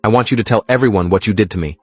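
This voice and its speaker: A man voicing the ghost of a drowned girl, speaking low, quiet and reproachfully in a read horror story. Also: very fast, slightly rough, no room sound, faint music behind. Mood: accusing.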